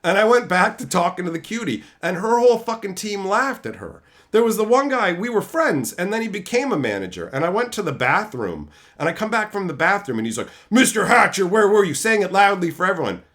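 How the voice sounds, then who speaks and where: Animated, profane man telling stories. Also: high voice, fairly quick, hardly any pauses. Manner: profane, animated, mimics coworkers in quotes. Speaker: streamer host. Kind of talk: casual storytelling rant.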